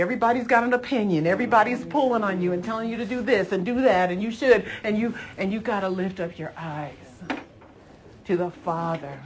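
A woman preacher giving a conversational sermon, retelling scripture with animated storytelling, repeated phrases and emphatic exhortations to her listeners. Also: mid-range voice.

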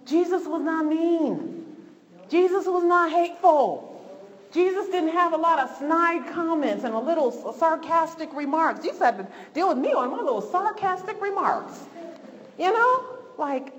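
A woman leading an informal church lesson, talking in a conversational, repetitive and lively way. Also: high-pitched, in a large hall, low-quality recording. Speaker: Bible study teacher. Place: church hall.

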